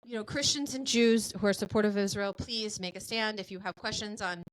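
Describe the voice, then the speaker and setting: An American woman hosting a podcast, talking in a chatty, animated way with many fillers. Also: mid-range voice, a little fast, poor audio. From United States. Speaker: podcast host. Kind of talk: casual chat.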